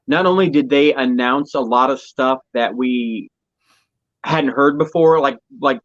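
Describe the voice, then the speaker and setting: A man co-hosting a podcast in casual chat, excitable and gushing, swearing now and then. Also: mid-range voice, measured pace. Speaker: podcast co-host. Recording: dull lo-fi audio.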